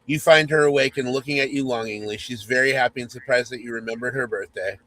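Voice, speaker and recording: Male host reading a spoof romance aloud; mock-sultry, teasing, medium pitch. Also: fast, sharp tone, a little hiss or hum, poor audio. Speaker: podcast host.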